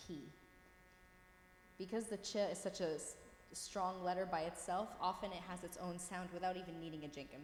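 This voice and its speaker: A woman's voice: on the low side, steady tone, normal speed, a little mellow. A woman teaching a language class, reading words aloud and patiently checking that her students follow. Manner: patient, encouraging, checks in often. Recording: roomy echo with long reverb, faint room noise.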